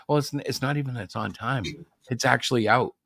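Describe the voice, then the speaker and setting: A man's voice: medium pitch, creaky, fairly bright tone, no room sound, clean studio sound. A man co-hosting a livestream about comics, talking in a casual, rambling and opinionated way. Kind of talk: casual chat.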